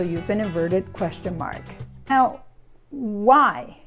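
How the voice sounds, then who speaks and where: A woman teaching in a lively, playful way, spelling things out slowly with examples. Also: medium pitch, soft background music. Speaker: Spanish teacher. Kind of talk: scripted video lesson.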